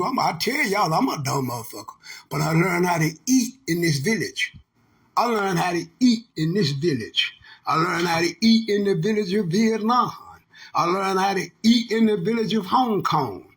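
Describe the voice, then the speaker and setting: A man's voice: sits high, expressive, normal speed, a bit bright, husky. An older man, ranting in a profane, preachy, scolding monologue. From Texas. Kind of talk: casual monologue rant.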